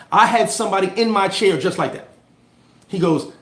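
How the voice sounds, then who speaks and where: A man hosting a casual motivational livestream, telling animated stories in street slang and answering viewer comments. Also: sits high, fast, echoey room. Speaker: livestream host giving motivational talk. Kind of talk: casual motivational live chat.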